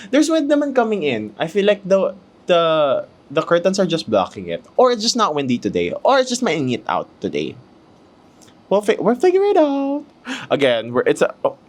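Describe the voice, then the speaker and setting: A Filipino-accented man hosts a casual podcast from a room at home, his pitch swooping wildly up and down in a slightly high voice. He chats and mocks himself through fumbled retakes while hot and sweaty. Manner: chatty and self-mocking, fumbling retakes. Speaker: podcast host. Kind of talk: casual chat mixing English and Tagalog.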